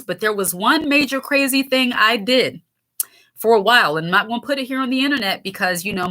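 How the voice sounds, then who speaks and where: Bright-voiced woman in her thirties chatting. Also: on the high side. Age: 30s. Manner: chatty, laughs often, candid. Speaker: channel host reading viewer comments. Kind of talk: casual livestream chat.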